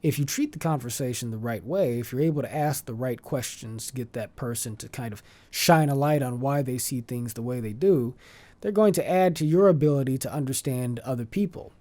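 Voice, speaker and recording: Mellow-voiced man, measured and articulate. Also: mid-range voice. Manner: measured and articulate, long flowing sentences; occasional restarts while searching for phrasing. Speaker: podcast guest. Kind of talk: conversational interview.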